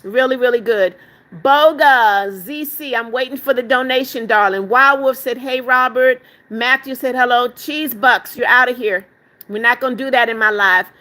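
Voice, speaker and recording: A woman's voice: fairly high pitch, moderate pace, sharp tone. An older woman hosting a livestream, reading viewers' chat comments aloud and fondly calling them darling. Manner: affectionate, calls viewers darling. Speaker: livestream host.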